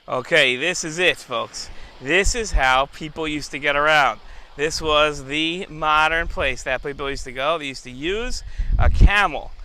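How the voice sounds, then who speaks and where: A man's voice: on the high side, bright, forceful tone, clear, resonant tone. Chatty man hosting a kids' show outdoors. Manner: chatty, addresses viewers directly. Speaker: children's show host. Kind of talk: casual on-location explaining to kids. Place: outdoors beside a camel.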